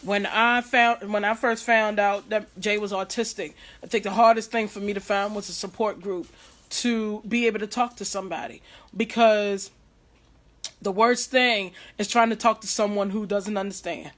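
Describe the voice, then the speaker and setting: Hoarse woman giving earnest advice. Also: mid-range voice, fairly even intonation, normal speed, a bit bright. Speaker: host. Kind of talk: casual livestream talk.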